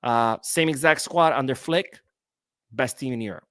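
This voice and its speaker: A blunt young man hosting a casual podcast, talking freely and swearing as he pushes back on viewer comments. His voice sits in a middle pitch. The sound is dry and close, with no room echo. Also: normal speed, fairly bright tone. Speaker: podcast host.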